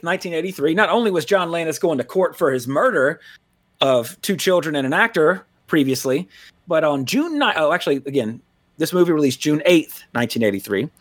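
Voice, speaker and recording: A man hosting a podcast in casual chat, rambling and animated, swearing freely. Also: fairly high pitch. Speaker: podcast host.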